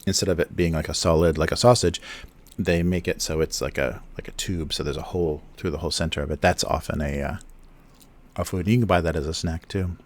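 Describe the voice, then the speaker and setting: Low-voiced man rambling on a livestream. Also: fairly even intonation, fairly quick. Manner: rambling, explains with many fillers and restarts. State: chewing food near the mic. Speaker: livestream host, cartoonist. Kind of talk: casual livestream chat. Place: home studio in Japan. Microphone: close desk mic.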